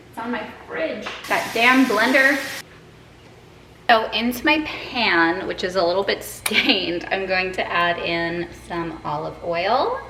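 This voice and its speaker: A woman's voice: mid-range voice, pushed and bright, echoey room, a little hiss or hum, poor audio. A woman in her twenties from Quebec, chatting casually through a food vlog in her home kitchen, bubbly and self-deprecating. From Quebec, Canada. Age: 20s. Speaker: food vlogger.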